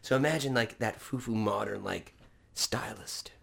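A man's voice: fairly low pitch, moderate pace, gravelly, a bit bright. A man co-hosting a casual chat, crude and joking, rambling through stories. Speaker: podcast co-host.

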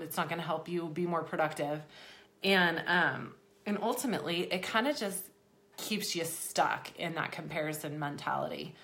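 A young woman hosts a casual motivational talk, her voice sitting a little low. She is slightly out of breath and rambles along, filling gaps with "you know". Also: fairly bright tone. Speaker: host of an exercise program for people with MS.

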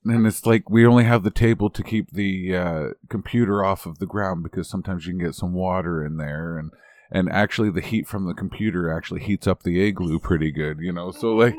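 A Canadian man with a very deep voice tells a rambling story in easy podcast chat, poking fun at himself. His voice sits close and dry, with no room around it. He laughs his way through the telling. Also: fairly even intonation, a little fast, a little mellow, no room sound. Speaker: podcast co-host.

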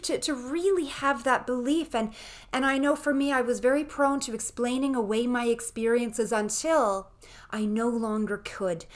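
Earnest middle-aged woman telling a story. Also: on the high side. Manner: earnest and animated, with frequent restarts. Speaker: podcast host and shamanic practitioner. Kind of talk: personal storytelling monologue.

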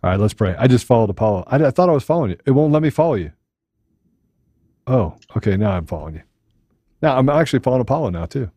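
A man co-hosting a podcast, talking loud and upbeat and laughing often. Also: mid-range voice, animated, very fast, pauses often, dry recording, clean studio sound. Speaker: podcast co-host. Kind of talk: casual chat.

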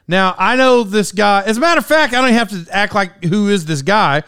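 Man in his forties, smooth resonant voice, casual rambling storyteller, dry room. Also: high-pitched, expressive, brisk, a bit bright, no room sound. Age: 40s. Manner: rambling, self-interrupting, laughs at himself. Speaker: podcast host.

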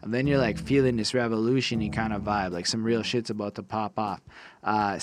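A young man from Quebec giving a casual, profane review of a rap album, excitable and self-deprecating. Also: fairly low pitch, moderate pace, over music. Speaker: music reviewer. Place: his room.

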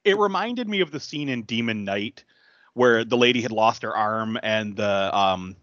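Animated man recapping a movie. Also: normal speed, no room sound, muffled recording. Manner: animated retelling, jumps up in pitch for quoted characters, laughs often. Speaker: podcast co-host.

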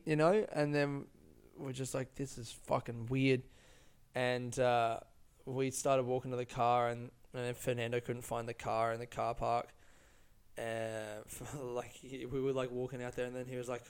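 A man's voice: medium pitch, level tone, moderate pace, a little mellow, clear, resonant tone. A man telling a personal story in a casual monologue, rambling and profane with many fillers and restarts.

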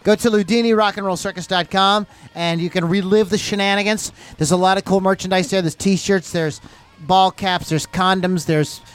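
A man's voice: high-pitched, fairly even intonation, normal speed, clean tone. A man hosting a rock podcast in a loose, rambling, jokey way. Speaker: podcast host. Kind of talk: casual chat.

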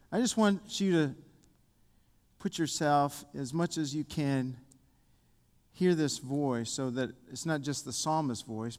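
A pastor preaching and reading a psalm aloud slowly, earnest and deliberate. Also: male voice, a little high, smooth. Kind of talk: sermon with slow scripture reading. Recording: reverberant hall.

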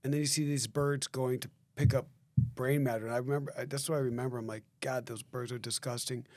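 A man in a casual podcast chat, telling animated lifeguard stories and laughing through them. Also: mid-range voice, fast.

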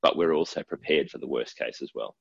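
A man's voice: a bass voice, a little fast, gravelly, slightly rough, no room sound. A man with an Australian accent, co-hosting a podcast in casual chat and telling stories in a laid-back, jokey way. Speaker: podcast co-host. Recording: dull, dry lo-fi recording.

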